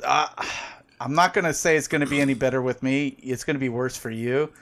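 A man's voice: medium pitch, fairly even intonation, fairly quick, a bit bright. A man in casual podcast banter, joking and teasing his co-host. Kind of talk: casual chat.

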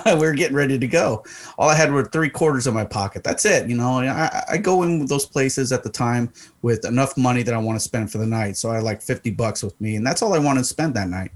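A man telling crude, rambling, joking stories in a casual podcast chat. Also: medium pitch. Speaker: storyteller.

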